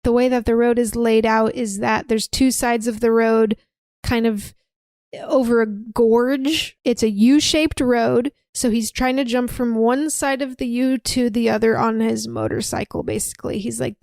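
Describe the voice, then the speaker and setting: Her voice is a little high, creaky, and darkish, with fairly even intonation and an unhurried pace in a dry recording. She's a young podcast co-host chatting casually through a film's plot, breezily retelling it and performing the quoted lines.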